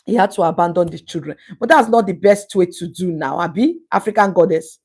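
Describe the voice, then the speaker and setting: On a casual live stream, a Nigerian-accented woman reads her viewers' comments and responds with preachy emphasis, doubling up words for stress. She talks fairly quickly in a lowish, darkish voice with a breathy edge.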